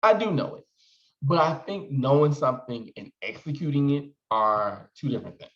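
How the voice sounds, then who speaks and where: Man, 40s, expressive casual vlogger; roomy, slightly muffled recording. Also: mid-range voice, moderate pace. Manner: chatty, expressive, calls viewers "honey". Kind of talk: casual chat to camera.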